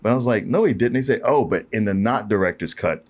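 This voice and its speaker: Lively man retelling movie scenes. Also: fairly low pitch, fast talker. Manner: retells scenes, acting out lines in put-on voices. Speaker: podcast co-host reviewing a film. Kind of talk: casual chat.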